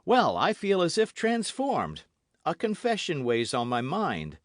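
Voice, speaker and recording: A man's voice: a little high, wildly swooping pitch, a little slow, no echo, studio quality, voice pushed up. A man voicing an ardent young swordsman. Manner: earnest, caressing, gallant.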